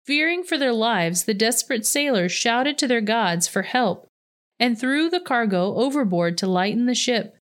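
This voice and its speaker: A woman reading a Bible passage aloud in a steady, measured way. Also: fairly high pitch. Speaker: scripture reader.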